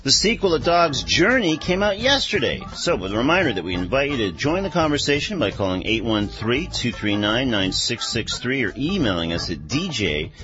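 A man hosting a radio show, relaxed and full of fillers, reading local news and introducing a guest. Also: medium pitch, moderate pace, few pauses, muffled recording. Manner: relaxed, filler-heavy, lively intonation. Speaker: radio host. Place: radio studio. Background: faint instrumental music.

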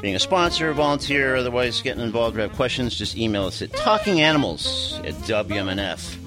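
Lively-voiced male radio host. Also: mid-range voice, brisk, music in the background. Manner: relaxed, with frequent uh fillers. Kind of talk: radio show hosting.

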